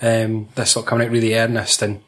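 A young man from Fife with a Scottish accent chats casually about a film, swearing heavily, laughing often, joking, and doing voices. Oddly, his lowish, slightly bright voice is fast and entirely flat in delivery.

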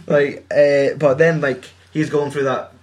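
A man's voice: fairly high pitch, flat delivery, takes it slowly, darkish tone. Sweary rambling Scottish man. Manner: sweary, rambling with many fillers. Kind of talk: casual film chat.

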